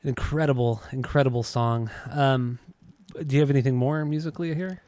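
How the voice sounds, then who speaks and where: A man co-hosts a casual music podcast, laid-back and teasing, often stumbling and restarting. His voice sits in a middle pitch. The recording is close and dry. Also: steady tone, brisk, a little mellow, no room sound. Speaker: podcast co-host. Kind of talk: casual chat about music.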